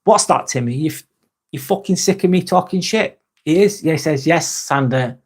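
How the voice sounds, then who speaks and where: English bloke hosting a loose live chat, jokey and crude, voice sits a little high. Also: male voice, brisk, darkish tone, slightly rough. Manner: sweary, joking and self-mocking. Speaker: live stream host. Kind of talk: casual live-stream chat.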